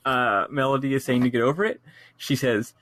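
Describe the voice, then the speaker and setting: A man co-hosting a casual game podcast, lively and swearing freely as he talks through his notes. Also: mid-range voice, a little fast. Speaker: podcast co-host. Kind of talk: casual chat.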